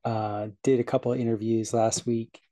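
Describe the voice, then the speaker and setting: A man's voice: mid-range voice, flat delivery, normal speed, warm tone, no room sound. A man from South Florida, a podcast host, rambling cheerfully through a casual outro and laughing at his own slips.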